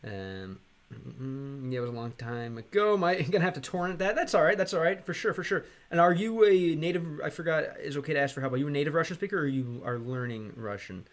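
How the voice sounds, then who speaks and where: A man's voice: a little high, expressive. American man streaming, chatting hesitantly. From United States. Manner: reads chat aloud, halting Russian, many fillers. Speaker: streamer learning Russian. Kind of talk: casual live-stream chat.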